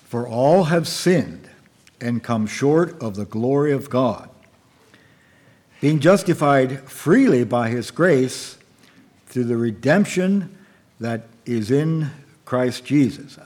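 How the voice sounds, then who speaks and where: A man preaching an evening sermon and reading scripture aloud, in a halting way with fillers and repeated words. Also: mid-range voice, expressive, darkish tone.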